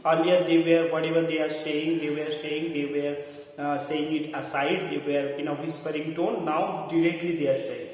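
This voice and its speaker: A man's voice: on the high side, level tone, normal speed, a little mellow. A man explaining a play in class, full of fillers as he paraphrases the lines. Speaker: literature teacher. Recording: echoey hall from far off.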